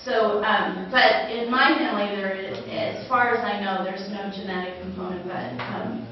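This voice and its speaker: A woman's voice: medium pitch, steady tone, normal speed, slight background noise. A woman who stutters, speaking at a conference about her life, with speech and repeated words and restarts. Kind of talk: personal talk about stuttering. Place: large echoey conference hall. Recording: echoey, dull lo-fi hall recording.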